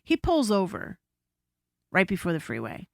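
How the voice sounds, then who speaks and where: A woman guest on a podcast telling a story in casual chat, animated and full of swearing and asides, recorded in a studio. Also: medium pitch, moderate pace, creaky, no room sound. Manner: animated, profane, frequent asides.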